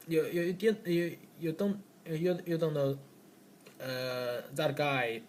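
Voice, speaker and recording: A man presenting a class recap at a very unhurried pace, stopping and restarting often as he works through each rule. His voice sits at an ordinary middle pitch. A faint hum of background noise runs beneath him. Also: darkish tone. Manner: halting, with many fillers and restarts. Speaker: student giving a class recap. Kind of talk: classroom presentation explaining rules.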